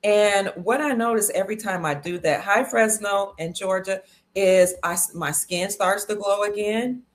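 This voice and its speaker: A woman hosting a casual livestream from Cleveland, Ohio, USA, talks unhurriedly in a medium-pitched voice. Her tone is chatty and upbeat while she greets people and reads out the comments they leave.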